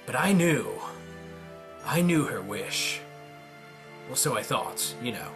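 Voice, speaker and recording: A man reading a visual novel aloud dramatically, with deadpan joking asides. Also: medium pitch, slow, over music. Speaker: let's player.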